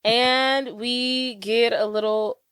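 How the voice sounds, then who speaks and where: A woman in her thirties co-hosting a podcast, casually retelling a film's plot in an animated way. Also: a little high, very slow. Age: 30s. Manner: animated, acts out characters' lines. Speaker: podcast co-host. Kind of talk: casual chat retelling a film.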